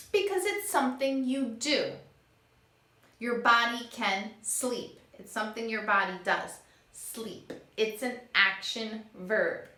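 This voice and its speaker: A woman teaching young children, acting out each word she explains in a slow, animated way. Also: on the high side. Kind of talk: children's lesson. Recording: echoey room.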